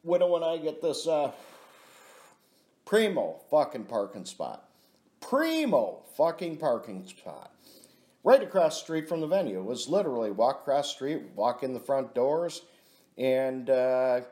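A man's voice: medium pitch, normal speed, mellow. A middle-aged man telling a rambling personal story in a casual vlog, swearing often and calling himself "your buddy". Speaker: vlogger.

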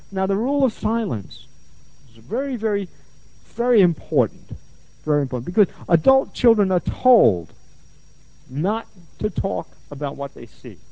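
A middle-aged man, a therapist, lecturing and telling stories from his practice, animated and given to repeating phrases for emphasis. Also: on the high side, dry recording. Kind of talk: lecture with anecdotes. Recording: dull, muffled lo-fi sound.

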